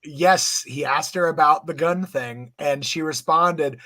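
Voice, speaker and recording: A man's voice: fairly high pitch, moderate pace, hardly any pauses, sharp tone, dry recording, studio quality. A man co-hosting a podcast, sarcastic and mocking in casual political chat.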